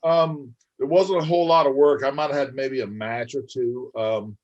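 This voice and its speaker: A man's voice: medium pitch, fairly even intonation, moderate pace, a little mellow, lo-fi sound. A middle-aged former pro wrestler, a guest on an interview podcast, telling long rambling stories in a folksy way and calling his host man and brother. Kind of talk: casual storytelling interview.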